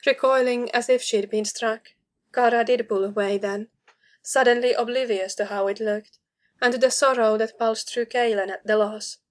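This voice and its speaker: A woman narrating a fantasy story in a calm, measured audiobook style. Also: on the high side.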